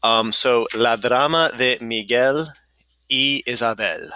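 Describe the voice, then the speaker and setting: A man's voice: medium pitch, animated, takes it slowly, sharp tone, smooth, dry recording. A young man teaching Spanish in a recorded lesson, chatty and self-correcting, explaining each line as he goes.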